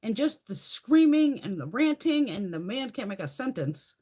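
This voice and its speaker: Profane, animated middle-aged woman ranting. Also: a little high, moderate pace, husky. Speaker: live stream host. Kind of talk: casual live chat rant.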